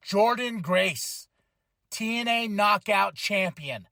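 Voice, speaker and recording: A man hosting a podcast, recapping a wrestling show in casual chat, excitable, laughing and acting out what people said. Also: high-pitched, slow, gravelly, no echo. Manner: excitable, acts out quotes, swears, laughs often. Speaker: podcast host.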